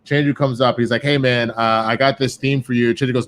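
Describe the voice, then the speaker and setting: A man in casual podcast chat, telling animated, profane stories and acting out what others said. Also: mid-range voice, fairly quick. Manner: profane, animated storytelling with quoted voices. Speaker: guest.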